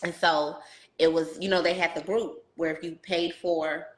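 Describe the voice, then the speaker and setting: A woman hosting a casual podcast interview, telling stories in an animated, slangy way and talking to listeners as "y'all". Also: on the low side, normal speed, roomy sound. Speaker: podcast host.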